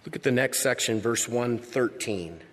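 A man preaching a sermon as pastor. He is emphatic, repeats key phrases and builds to loud peaks. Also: mid-range voice, moderate pace. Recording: long reverb of a large hall.

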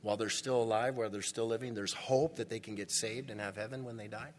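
A man's voice: lowish voice, steady tone, fast talker, big-room sound, a little hiss or hum. A male pastor preaching a sermon in a church, emphatic and repeating words for stress.

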